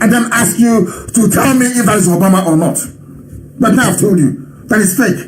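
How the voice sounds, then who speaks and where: A man's voice: high-pitched, a little hiss or hum, low-quality recording. A man hosting a live broadcast, giving impassioned political commentary, mocking his critics and laughing as he lectures his listeners. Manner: mocking, often laughing mid-sentence; preachy, addresses listeners directly.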